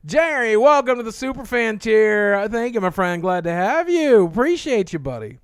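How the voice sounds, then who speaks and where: A man's voice: high-pitched, very animated, measured pace, clean tone, no echo, clean studio sound. A man casually reviewing trading cards on a live stream, reading card text aloud with chatty asides and thanking viewers.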